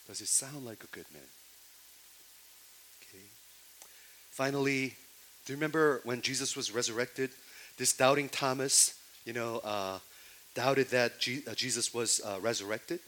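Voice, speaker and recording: A middle-aged male pastor preaching a sermon, asking the congregation rhetorical questions and swinging between loud emphasis and hushed lines, with non-native English phrasing and restarts. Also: mid-range voice, slight background noise, low-quality recording.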